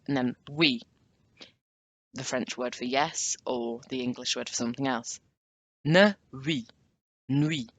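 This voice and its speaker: Woman teacher, low voice, unhurried, repeats words for drills, dry close sound. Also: no room sound. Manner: switches between French and English. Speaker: language teacher. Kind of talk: spoken language lesson.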